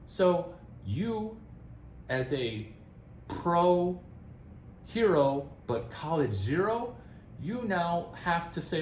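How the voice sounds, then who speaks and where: A man giving career advice in a rambling, animated casual talk, often laughing and restarting his sentences. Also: a little high, extremely slow, long pauses, reverberant, a little hiss or hum, rough recording.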